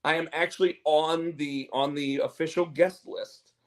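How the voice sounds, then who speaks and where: A man's voice: a little high, fairly even intonation, moderate pace. A man hosting a casual chat show, rambling and repeating words as he tells stories. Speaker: podcast host and comic artist.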